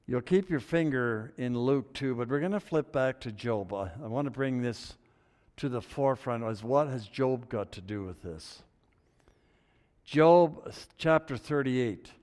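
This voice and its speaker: Slow, emphatic male preacher in a reverberant hall. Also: medium pitch. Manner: emphatic, swinging from loud exclamations to hushed near-whispers. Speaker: pastor. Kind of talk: sermon. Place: church sanctuary.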